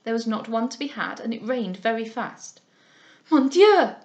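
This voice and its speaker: Woman, high voice, reading a classic novel aloud, arch, playful asides. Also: normal speed. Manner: arch and playful when chatting.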